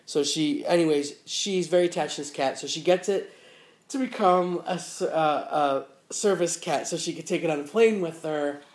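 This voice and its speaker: A woman's voice: sits low, normal speed, a little mellow. A woman in casual chat, telling a funny story with lots of energy, acting out the people she quotes and laughing as she goes. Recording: roomy echo with faint ambience.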